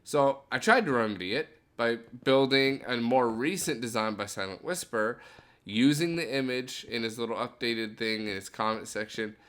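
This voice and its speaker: A man's voice: medium pitch, fairly bright tone. A young man giving casual gameplay commentary as a YouTuber, rambling and breaking into frustrated outbursts. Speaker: gaming YouTuber.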